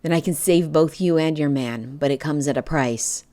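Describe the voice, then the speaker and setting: A mysterious spirit that speaks inside the mind, calm and even, read by a woman. Low and unhurried, an audiobook voice. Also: close to an everyday voice.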